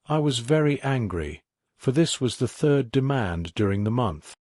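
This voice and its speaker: A man reading a classic mystery aloud as a sleep story in a measured, even way. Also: medium pitch, no echo, studio quality. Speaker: audiobook narrator. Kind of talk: scripted sleep-story narration.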